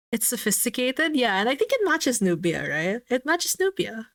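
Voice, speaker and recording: A woman's voice: fairly high pitch, sing-song, moderate pace, hardly any pauses, a bit bright, dry recording. A woman streamer chatting casually with her viewers, musing aloud and repeating a word over and over to test how it sounds. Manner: chatty with viewers, light swearing. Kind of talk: casual livestream chat.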